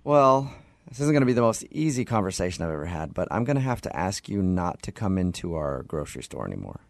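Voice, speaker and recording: A man's voice: sits low, sing-song, fast talker, vocal fry, dry recording. A man from a radio show making a prank phone call, sounding mock-apologetic and giggling.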